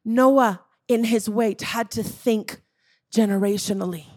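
A woman's voice: on the high side, unhurried, darkish tone. A woman preaching a sermon, emphatic and calling out to the congregation as church.

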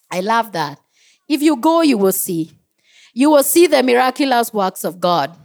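A woman preacher delivers a sermon in church, her voice high and full of swoops. She is animated, laughs at her own stumbles and lets out joyful whoops. The delivery is lively from start to end. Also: moderate pace, gravelly. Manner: animated, laughs at herself, shouts of joy.

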